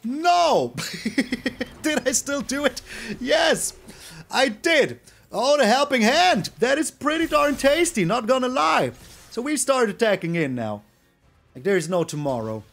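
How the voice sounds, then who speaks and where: Animated man commentating his card game. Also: extremely high pitch, a little slow, creaky, faint music behind. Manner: excitable, animated, swings to loud shouts. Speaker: gaming YouTuber.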